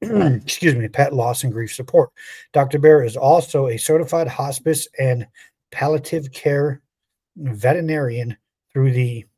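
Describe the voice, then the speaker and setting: Mellow-voiced podcast co-host, wry. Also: male voice, mid-range voice, unhurried, husky. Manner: wry asides, stumbles over names. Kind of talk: reading a guest bio on a podcast.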